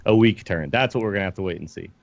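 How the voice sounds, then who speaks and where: A man's voice: low voice, racing, vocal fry, no echo, dull audio. A man co-hosting a podcast, chatting casually and pragmatically, often acting out quotes. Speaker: podcast co-host. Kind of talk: casual chat.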